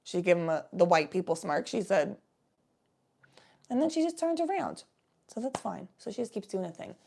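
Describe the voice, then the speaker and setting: A woman's voice: mid-range voice, lively intonation, normal speed, gravelly, darkish tone. A young woman telling rambling, profane stories in a laid-back, casual chat with the odd cough. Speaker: vlogger.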